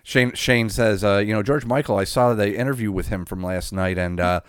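Male podcast co-host, lowish voice, dry close sound, rambling play-by-play recap. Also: moderate pace, smooth, dry recording. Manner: blow-by-blow recap with frequent filler uhs and swearing. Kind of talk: casual wrestling recap chat.

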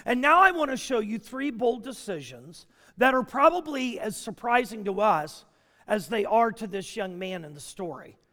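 A man with a very high voice preaches to his congregation. He asks question after question and his pitch swings widely as he builds his points. His words ring out with a long reverb, as in a big church hall. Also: moderate pace. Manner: animated preaching with rhetorical questions. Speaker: pastor. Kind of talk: sermon.

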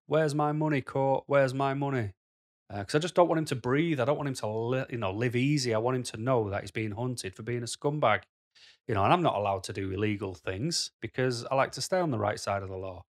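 A man talking to camera in a blunt, rambling way, full of "you know" fillers. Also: mid-range voice. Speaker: vlogger. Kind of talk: casual monologue to camera.

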